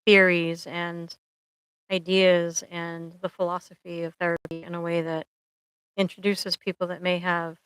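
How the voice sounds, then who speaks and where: A woman's voice: lowish voice, flat delivery, measured pace, a bit bright, smooth, no echo, poor audio. Chatty, joking woman therapist on a livestream. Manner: chatty, jokey, uses analogies and playful asides. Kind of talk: casual live chat.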